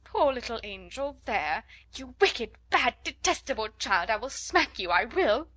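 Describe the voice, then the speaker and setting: A woman's voice: on the high side, sing-song, measured pace. A woman voicing a flustered, helpless schoolmistress who pleads and scolds in a storybook reading. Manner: fretful and pleading.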